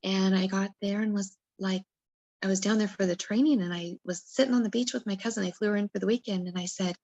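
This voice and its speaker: A woman guest on a podcast, telling her personal story in an emotional, animated way and acting out her own past words. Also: mid-range voice, fast talker, dry recording, muffled recording.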